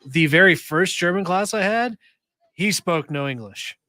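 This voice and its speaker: A man co-hosting a podcast in casual chat, jokey and excitable. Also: high voice, unhurried, no echo, studio quality. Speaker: podcast co-host.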